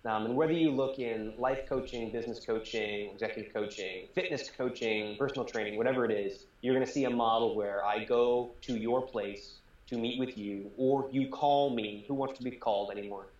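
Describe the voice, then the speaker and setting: A man's voice: medium pitch, a little fast, hardly any pauses, a little mellow. A man, a startup founder, explaining his work earnestly as a guest in a casual interview. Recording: roomy, dull remote audio.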